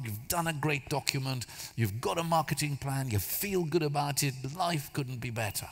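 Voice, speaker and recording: A man's voice: on the high side, fairly bright tone. Storytelling man preaching in a reverberant hall. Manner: storytelling, conversational, self-deprecating humor. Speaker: church speaker. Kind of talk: sermon. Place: large church hall.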